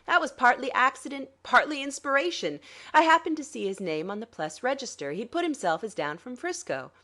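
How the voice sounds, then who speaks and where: A woman's voice: sits high, big pitch swings, brisk, sharp tone, voice pushed up, exaggerated voice. A woman voicing a smug, sarcastic male swindler who talks down to his partners in an audiobook. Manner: dry, sarcastic, smoothly condescending. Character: smug scheming male crook, cool and sarcastic.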